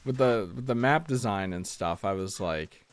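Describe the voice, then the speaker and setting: A man's voice: on the low side, expressive, normal speed, clean tone. A man chatting casually while playing a video game, rambling and self-deprecating, often restarting his sentences as he thinks aloud. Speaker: let's play host. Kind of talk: casual gameplay commentary.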